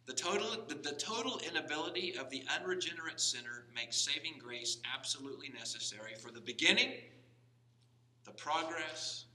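A man's voice: mid-range voice, sharp tone. A man preaching a sermon as pastor, talking conversationally with frequent restarts and rising to emphatic stress. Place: church sanctuary. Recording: echoey church hall from far off.

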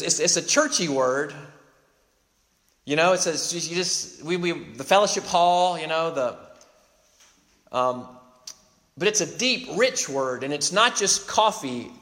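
A man preaching a sermon in a church, his voice pitched a little high and carrying a long echo through the hall. He talks earnestly and emphatically, often restarting mid-phrase and repeating words as he works toward each point. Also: fairly bright tone. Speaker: pastor.

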